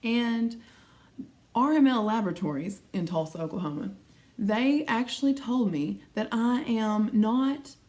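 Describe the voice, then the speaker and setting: Retelling conversations with frustration and playing both parts, this woman in her thirties speaks casually in her weight-loss vlog. Her voice sits on the high side, a little mellow and a little slow.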